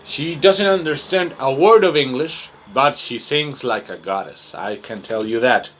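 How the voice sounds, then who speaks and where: Here a native Spanish-speaking English teacher from Chile talks off the cuff to his own recorder, wandering and filler-heavy. The voice sits mid-range with a fairly bright tone and moves a little slowly, over a faint hiss or hum.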